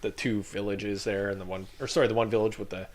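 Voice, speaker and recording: A man's voice: on the low side, fast talker, background noise. A man, a retired army infantry veteran, telling stories on a podcast with lots of swearing and laughter. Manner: profane, laughing and animated while telling stories. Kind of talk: casual storytelling.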